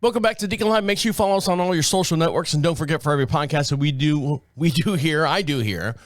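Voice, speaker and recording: A man's voice: a little high, fast talker, dry recording, clean studio sound. A man hosting a podcast, telling a casual story with lots of swearing and laughter. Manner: animated, profane, laughs often. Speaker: podcast host.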